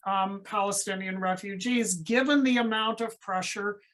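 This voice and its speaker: A woman's voice: medium pitch, fairly even intonation, moderate pace, a bit bright, rough recording. A woman moderating an academic webinar over a video call, speaking thoughtfully and at length with fillers.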